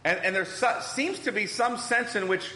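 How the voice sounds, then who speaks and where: It's a Bible class in a church hall, where a high-pitched man with a pushed, bright voice asks the group questions at a normal pace and repeats their answers. Long reverb fills the echoey hall.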